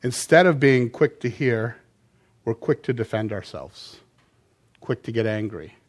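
A middle-aged man preaching a sermon, animated, swinging between loud emphasis and quiet asides. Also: mid-range voice, measured pace. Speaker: pastor.

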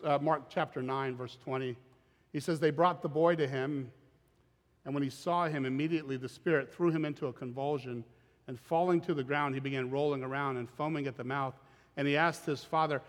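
A man preaching a sermon as pastor, animated and acting out scripture quotes in dramatic voices. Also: a little high. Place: church auditorium. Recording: long reverb of a large hall.

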